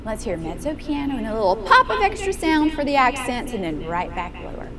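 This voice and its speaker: A woman's voice: high-pitched, sing-song, brisk, over a noisy crowd. A woman piano teacher coaching a young student in a master class, encouraging and asking guiding questions. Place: room with a piano. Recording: piano music in the room.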